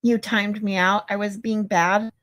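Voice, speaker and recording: A woman hosting a casual livestream, chatting and swearing freely, her voice getting louder when she is irritated. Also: mid-range voice, steady tone, unhurried. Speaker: livestream host.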